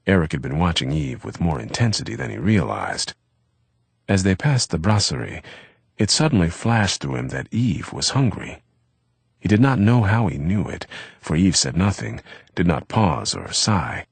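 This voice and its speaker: A man reading a novel aloud as an audiobook narrator, with a measured, steady delivery. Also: sits low, vocal fry, husky, dry recording.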